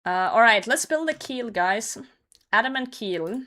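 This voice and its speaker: A woman's voice: a little high, lively intonation, a little slow, sharp tone. A young woman streamer chatting casually with her chat while gaming, laughing often and swearing now and then. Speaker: live streamer.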